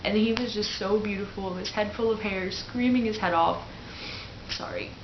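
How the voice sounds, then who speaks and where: A woman's voice: mid-range voice, normal speed, noisy background. A young woman, a new mother, telling her birth story to the camera in a candid, chatty way, full of "like" fillers. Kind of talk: casual personal storytelling to camera. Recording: echoey room, dull lo-fi sound.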